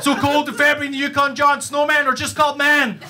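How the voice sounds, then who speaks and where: A man's voice: very high-pitched, little pitch movement, fast talker, pitched above the performer's own voice. A man voicing a show-off Canadian man who one-ups everyone about how cold it gets where he lives. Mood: boastful. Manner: loud, one-upping, show-off. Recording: live comedy club, loud noise.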